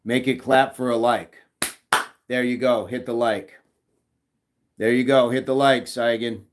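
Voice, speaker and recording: A man's voice: medium pitch, fairly even intonation, a little slow, background noise. Jokey man hosting a live chat. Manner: jokey, laughs often, reads chat messages aloud. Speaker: livestream host reading chat.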